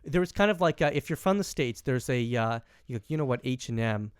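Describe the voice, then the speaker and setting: A young man from Canada telling a story in casual podcast chat, rambling with many fillers and animated quoting. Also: medium pitch, a little fast, clean tone, no room sound, studio quality. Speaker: podcast host.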